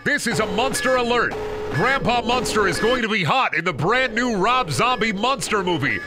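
A man's voice: sits high, expressive, normal speed, over music, voice pushed up. A man voicing a frantic emergency alert announcer who blares urgent, repeated warnings. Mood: alarmed.

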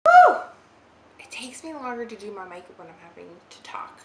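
A woman's voice: medium pitch, lively intonation, quick pace, a bit bright. A young woman chatting casually through a makeup tutorial in her living room, rambling and giggly with lots of "like". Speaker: beauty vlogger. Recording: roomy living room with faint ambience.

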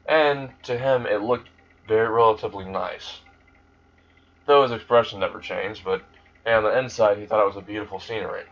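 A man's voice: lowish voice, normal speed. Young man rambling through a fan story. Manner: rambling, casual, swears freely. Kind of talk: casual retelling of a fan story. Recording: dull lo-fi recording.

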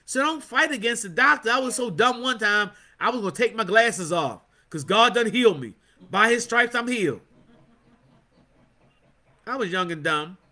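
A man's voice: high voice, animated, moderate pace, sharp tone. A man teaching a Bible study as a sermon, fervent and punctuated with amens and calls to praise. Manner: fervent, call-and-response with amens.

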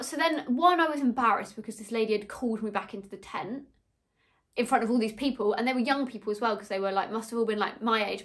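A young woman chatting in a get-ready-with-me vlog, telling rambling, gossipy stories while a little tipsy. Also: fairly high pitch. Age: young adult. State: slightly tipsy. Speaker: beauty vlogger.

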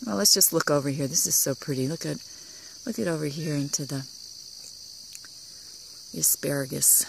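A woman giving a casual tour of her vegetable garden, talking admiringly and softly, sometimes dropping to a whisper, recorded outdoors on a handheld camera. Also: low voice, vocal fry, noisy background. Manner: admiring, soft-spoken, often drops to a whisper.

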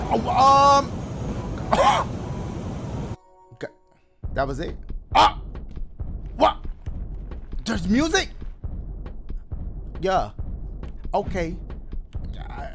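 High, yelping man playing a game. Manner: loud, yelps and shouts often; talks to the audience as "guys". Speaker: gaming channel host. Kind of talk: excited gameplay commentary.

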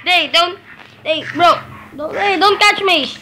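A woman hosting a casual game roleplay video, talking in a halting way with many pauses and sudden excited exclamations. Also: very high-pitched. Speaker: Minecraft roleplay video host. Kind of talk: casual gameplay roleplay commentary. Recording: noisy with clicking in background.

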